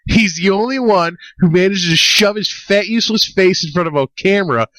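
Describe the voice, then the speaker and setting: A man's voice: high-pitched, a little fast, bright, forceful tone, no echo. A young man co-hosting a podcast in casual chat, rambling, swearing and joking. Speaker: podcast co-host.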